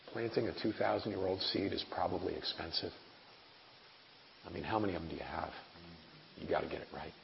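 Low gravelly preacher guy in his 40s, chatty and earnest, roomy hall sound. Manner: conversational, earnest preaching with wry asides. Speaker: preacher and missionary. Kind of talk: sermon. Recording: echoey hall, dull lo-fi sound, faint hiss.

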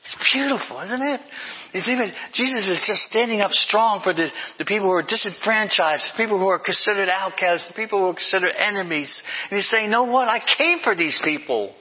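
A man's voice: sits high, a little fast, slightly rough, long reverb tail, dull audio. A man preaching a sermon as pastor, passionate and emphatic, often repeating his phrases.

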